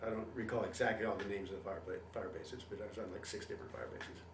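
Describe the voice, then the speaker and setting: Older male veteran, animated oral-history teller; roomy, distant sound with faint hiss. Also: lowish voice, very fast. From Canada. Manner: animated storytelling, acts out quoted voices. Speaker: veteran interviewee.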